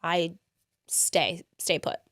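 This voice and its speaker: A woman's voice: on the low side, fairly even intonation, extremely slow, fairly bright tone, dry recording, studio quality. A woman in her thirties, a podcast guest, telling her story step by step and acting out what people said. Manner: vivid step-by-step recounting, acting out quotes. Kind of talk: interview storytelling.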